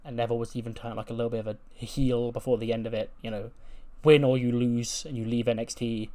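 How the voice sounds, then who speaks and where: A man narrates a game session in a relaxed, rambling manner, filling his sentences with casual asides. His voice sits at an ordinary middle pitch for a man. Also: fast. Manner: chatty, with many fillers. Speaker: video game let's play host. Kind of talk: casual let's play narration.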